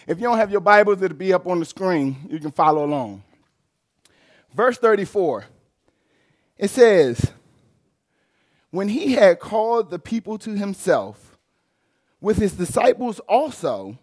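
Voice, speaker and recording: In a church sanctuary, a male pastor with a high-sitting voice tells a personal story during his sermon. The delivery is lively and climbs upward, punctuated by shouts.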